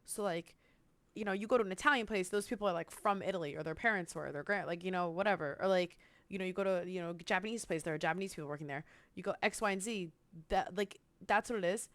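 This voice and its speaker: A woman's voice: lowish voice, fast talker, fairly bright tone, dry recording. Chatty woman streamer, dry close sound. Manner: rambling, filler-heavy, laughs easily. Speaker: streamer reacting to a video. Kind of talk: casual reaction chat.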